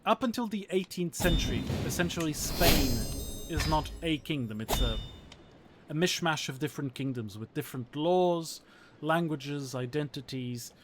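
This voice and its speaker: A man's voice: on the high side, expressive, background noise. Articulate man with a British-sounding accent. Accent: British-sounding English. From Portugal. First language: Portuguese. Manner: articulate, measured, chatty with viewers. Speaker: historian streaming a strategy game. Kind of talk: casual livestream chat and game commentary.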